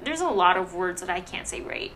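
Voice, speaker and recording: Bright giggly woman with a Pidgin lilt. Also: lowish voice, brisk, slight background noise. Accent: Hawaiian Pidgin-influenced English. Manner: animated, giggly, mock-indignant. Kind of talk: casual chat.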